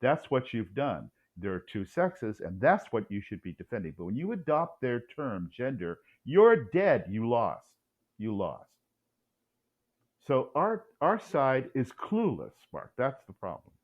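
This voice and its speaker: A man's voice: medium pitch, wildly swooping pitch, measured pace, dull audio. A man speaking as a guest in an interview, blunt and combative, acting out quoted exchanges as he talks. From United States. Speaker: author and cultural commentator, guest.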